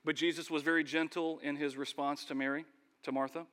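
Animated high-voiced preacher in a hall. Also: male voice, a little fast, slight background noise. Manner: animated, acts out characters, calls on the congregation. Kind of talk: sermon.

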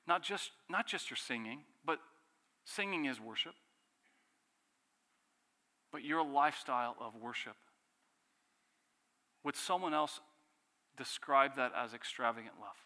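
A man with a bright, forceful voice preaches a sermon. He presses the listeners with rhetorical questions and lets key phrases fall quiet. A long reverb hangs behind him, as in a large hall. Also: mid-range voice, unhurried, long pauses. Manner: earnest preaching with rhetorical questions and dramatic drops in volume. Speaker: pastor.

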